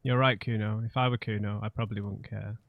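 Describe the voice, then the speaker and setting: A man's voice: on the low side, fairly even intonation, fast talker, gravelly, no room sound, narrow, tinny audio. A man hosting a let's play, reading the game's choices aloud and reacting with mounting frustration. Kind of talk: gameplay commentary.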